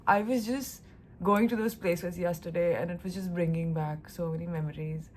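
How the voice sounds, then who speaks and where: A woman's voice: on the low side, fairly even intonation, normal speed, a little hiss or hum. Chatty young woman vlogging from India. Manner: chatty and emotional, gushing. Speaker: lifestyle vlogger. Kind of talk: casual vlog talking to camera.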